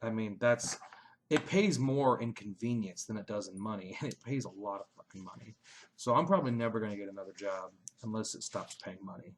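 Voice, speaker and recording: A young man runs a loose question-and-answer chat as a page admin. He swears constantly and his voice jumps from low mumbles to loud outbursts. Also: brisk, a little hiss or hum. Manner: crude, animated, swings between mumbling and shouting. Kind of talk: casual profane Q&A chat.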